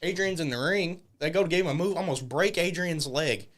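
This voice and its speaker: A man's voice: a little high, fairly quick, a bit bright. A man guest on a podcast, telling wrestling stories with lots of profanity. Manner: profane, acts out quoted voices. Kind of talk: animated storytelling. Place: podcast studio.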